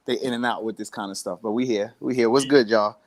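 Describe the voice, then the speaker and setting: A man's voice: medium pitch, steady tone, fast. A man co-hosting a casual sports chat over a Wi-Fi call from a hotel room, laid-back and given to repeating himself.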